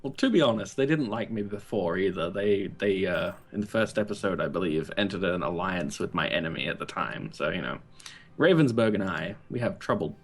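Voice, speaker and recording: A man co-hosting a multiplayer game session over a voice call, speaking with dry, wry understatement. His voice sits low and a bit husky, and his pitch moves around a lot. Faint game music plays behind him. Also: animated, a little fast. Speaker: co-host player. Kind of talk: casual gaming chat.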